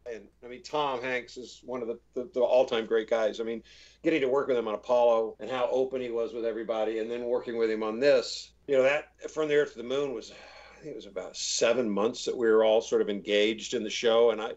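A middle-aged man, an actor, telling rambling anecdotes in a relaxed interview and acting out the voices of people he quotes. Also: medium pitch, brisk. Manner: chatty, many restarts, acts out quoted voices. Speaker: actor guest. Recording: slightly dull, muffled audio.

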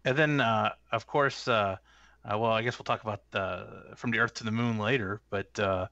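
Man, interview host, bright forceful voice, dry lo-fi sound. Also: lowish voice, steady tone, normal speed, no room sound. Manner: hesitant questions, many fillers. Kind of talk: casual interview questions.

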